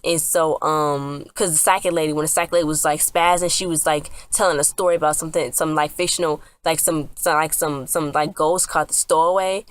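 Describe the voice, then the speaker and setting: A woman's voice: low voice, steady tone, a little fast, hardly any pauses, no room sound. A woman casually recapping a TV episode, rambling with lots of fillers and restarts. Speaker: TV episode reviewer.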